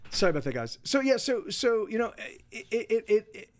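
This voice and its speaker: A man's voice: high-pitched, big pitch swings, a little fast. A middle-aged man chatting to his live stream audience from home, rambling with many restarts and fillers. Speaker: livestream host. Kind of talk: casual chat to a live audience.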